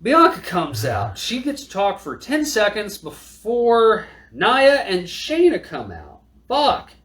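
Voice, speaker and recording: Animated man recapping wrestling. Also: sits high, takes it slowly. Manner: animated, profane recapping from notes. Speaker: podcast co-host. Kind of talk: casual wrestling recap chat.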